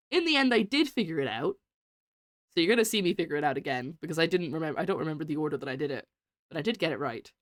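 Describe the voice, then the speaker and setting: A woman's voice: sits low, expressive, fast talker, fairly bright tone, no room sound, studio quality. A woman chatting casually and giggling as she plays a game on stream. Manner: chatty, giggly, self-mocking. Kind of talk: casual gameplay chat.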